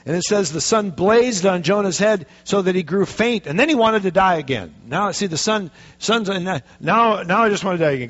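Guy preaching a sermon, kinda high voice, dull lo-fi recording, gets really animated. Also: fairly quick, few pauses. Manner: animated storytelling, acting out quotes with rising pitch. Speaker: pastor.

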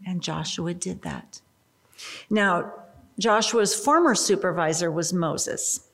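A woman teaching a Bible study. She speaks in an expressive, emphatic way, with rising exclamations and casual asides to her listeners. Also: fairly low pitch, slow.

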